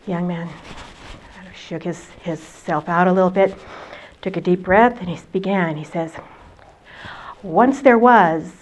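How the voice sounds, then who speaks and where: A woman storyteller telling a tale aloud in an expressive, conversational way. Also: on the low side, normal speed. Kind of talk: oral storytelling performance. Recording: dull lo-fi recording.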